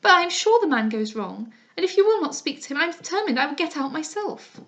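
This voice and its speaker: Frightened genteel young lady, voiced by a woman narrator: high, breathless, pleading. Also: lively intonation, fairly quick. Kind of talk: dramatized audiobook reading.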